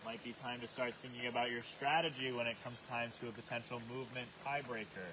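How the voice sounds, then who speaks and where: A man hosting an outdoor challenge, explaining rules and calling the action in a steady, instructive way. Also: medium pitch, quick pace. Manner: steady, instructive, calls himself monotone. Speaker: challenge host. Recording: noisy on-location recording.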